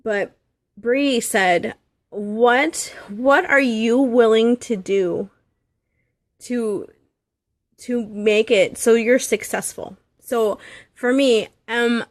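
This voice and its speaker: Earnest, emotional woman with a high voice. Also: no room sound. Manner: earnest, halting, gets emotional. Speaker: direct sales seller. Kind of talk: casual motivational talk to her team.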